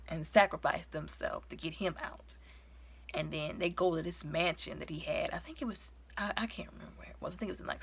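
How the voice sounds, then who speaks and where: A young woman reviews a film in a loose, conversational way, now and then sinking into a hushed whisper as she retells what the characters said. Her voice sits a little low and has a husky, slightly breathy texture. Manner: chatty, animated, drops into whispers when retelling scenes. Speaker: movie reviewer. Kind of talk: casual movie review.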